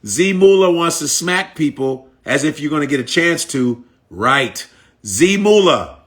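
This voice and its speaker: A comedian from the Bronx with a New York accent, ranting and teasing on a phone livestream. He talks slowly but his pitch climbs and dips all over. He keeps repeating the same punchlines in new voices. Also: expressive, fairly bright tone. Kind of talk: mocking comic rant on a live stream.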